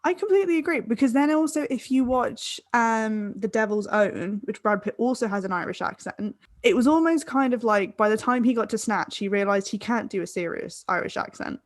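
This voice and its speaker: A woman's voice: a little high, lively intonation, a little fast, few pauses, no room sound, clean studio sound. A young woman co-hosting a casual chat podcast, rambling and laughing partway through her sentences. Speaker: podcast co-host.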